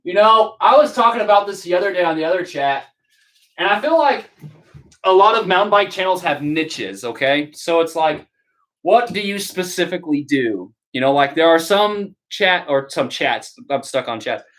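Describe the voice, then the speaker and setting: A woman's voice: fairly low pitch, lively intonation, normal speed, a bit bright. A woman hosting a casual live stream while building a bike, chatting with viewers in a teasing way and laughing often.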